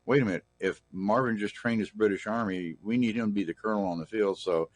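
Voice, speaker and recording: A man's voice: on the low side, fast talker. A middle-aged man from Texas, telling rambling, folksy stories as an interview guest. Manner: rambling, folksy anecdotes with restarts. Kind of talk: casual storytelling in an interview.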